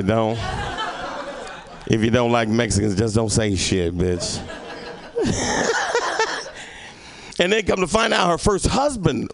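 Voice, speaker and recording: A man's voice: medium pitch, gravelly. A male stand-up comedian doing a rambling, profane set and teasing the audience. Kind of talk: stand-up set with crowd work.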